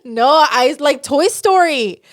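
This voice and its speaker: Animated, swearing woman co-hosting a podcast. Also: high voice, takes it slowly. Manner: animated, swears freely, laughs a lot. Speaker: podcast co-host. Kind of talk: casual chat.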